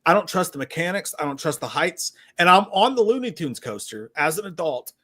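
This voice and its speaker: A man, co-hosting a casual livestream and telling profane stories with loud shouted quotes. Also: on the high side, expressive, fairly quick. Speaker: podcast co-host.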